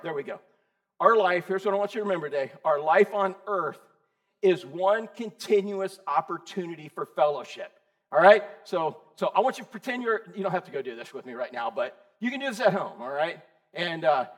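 A man preaching a sermon as pastor, lively and conversational, asking his congregation questions. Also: a little high. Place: church.

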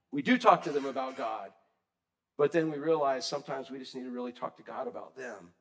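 A man preaching a sermon in a conversational way, quizzing the congregation and swinging between loud and soft. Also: medium pitch. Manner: asks the congregation questions. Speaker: pastor.

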